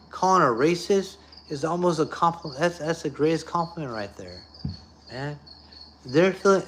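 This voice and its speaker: Talking straight to camera, a male YouTuber delivers an unscripted rant that is blunt, full of swearing, and repetitive for emphasis. His voice sits in the mid-range, with slight hiss or hum on the audio.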